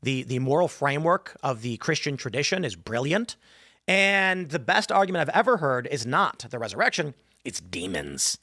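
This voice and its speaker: A man's voice: fairly high pitch, lively intonation, normal speed, bright, forceful tone, no echo, studio quality. A man hosting a live show, chatting casually and rambling, reading viewer comments aloud and slipping into mock voices for asides. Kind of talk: casual livestream chat.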